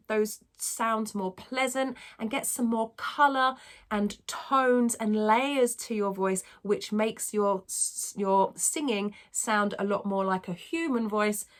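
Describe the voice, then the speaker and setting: A woman vocal coach teaching a singing lesson, explaining technique and demonstrating squeaky sung vowels.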